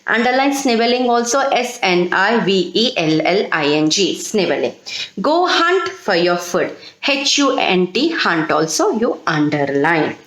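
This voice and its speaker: Lively woman teacher dictating. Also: mid-range voice, measured pace, roomy sound, rough recording. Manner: spells words letter by letter, dictating instructions. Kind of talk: recorded online class lesson.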